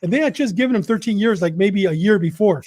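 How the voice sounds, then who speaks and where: A high-voiced man from Southern California tells prison stories as a podcast guest sharing his own story. The storytelling is animated, with quick, repetitive retelling and acted-out quotes.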